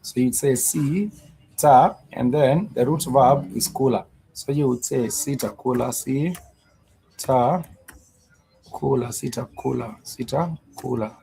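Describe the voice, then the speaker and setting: Gravelly man teaching slowly. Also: mid-range voice, steady tone, dark tone, slight background noise, poor audio. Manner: slow, repetitive explaining with many fillers. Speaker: Swahili teacher. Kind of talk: live-streamed language lesson.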